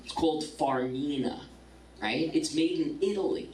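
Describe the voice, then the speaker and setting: A woman's voice: sits low, moderate pace, reverberant, far from the mic, a crowd in the background, rough recording. A middle-aged woman doing a stand-up comedy set, brash and profane, landing punchlines.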